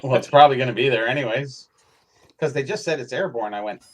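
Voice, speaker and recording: A man's voice: mid-range voice, fast. A man co-hosting a casual hobby livestream, tossing in wisecracks and rambling asides. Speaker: co-host. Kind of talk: casual chat.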